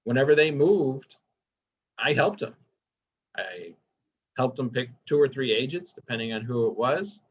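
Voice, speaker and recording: A man's voice: medium pitch, lively intonation, unhurried, long pauses, slightly rough. A man giving a casual training lecture, enthusiastic and chatty, asking the class questions as he goes. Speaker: workshop instructor. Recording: dull lo-fi recording.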